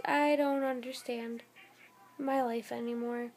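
A woman's voice: high voice, measured pace, creaky, darkish tone. A young woman vlogging at home at night, very tired and yawning, rambling in a scattered way. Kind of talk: casual vlog to camera.

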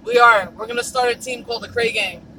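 Giggly high-voiced woman vlogging. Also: quick pace, slight background noise, poor audio. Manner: giggly, animated storyteller. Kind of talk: casual vlog chat. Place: in a car and outdoors at dumpsters.

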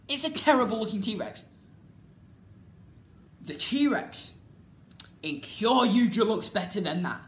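Exasperated ranting woman in an echoey room. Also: medium pitch. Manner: exasperated, repetitive, swings between loud outbursts and muttering. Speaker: vlogger reviewing a TV series. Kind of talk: ranting casual commentary. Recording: echoey room with faint background noise.

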